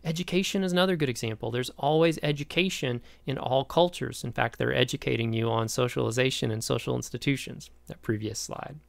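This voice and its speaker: An American man giving a recorded lecture, telling a story from his own life in an animated way. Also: medium pitch, brisk, vocal fry, few pauses, no room sound. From United States. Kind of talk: recorded lecture with a personal anecdote.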